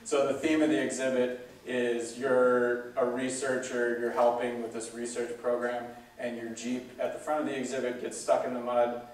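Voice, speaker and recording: Man, casual presentation, flat even delivery, lots of ums, echoey hall, distant mic. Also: mid-range voice, normal speed, few pauses. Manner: relaxed, chatty, with many fillers. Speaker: zoo staff speaker. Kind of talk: casual public talk. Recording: roomy hall sound from a distance.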